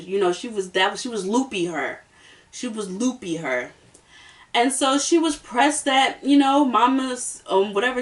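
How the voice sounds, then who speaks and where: A woman's voice: mid-range voice, distant mic. A woman hosting a casual reality-show review, sassy and emphatic, hammering her points home by repeating them. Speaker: host.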